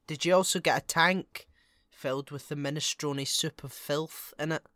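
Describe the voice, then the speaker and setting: A man chatting casually about a film, playful and jokey, asking questions in quick bursts. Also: on the high side, fairly even intonation, pushed and bright, no room sound, studio quality.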